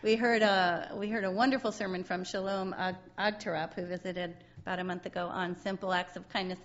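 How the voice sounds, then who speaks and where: A woman's voice: lowish voice, fairly even intonation, brisk, muffled recording. A woman giving a sermon in a chatty, conversational way, often breaking into laughter.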